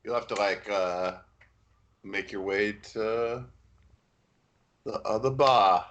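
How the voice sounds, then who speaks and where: A man acting as dungeon master in casual tabletop game chat, talking in a halting way with lots of fillers. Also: lowish voice, a bit bright. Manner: halting, filler-heavy talk.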